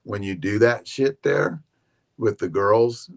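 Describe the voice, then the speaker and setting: A man's voice: lowish voice, slow. Laid-back rambling man chatting. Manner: rambling, laid-back, swears casually, repeats words. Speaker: regular guest on a live show. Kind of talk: casual chat.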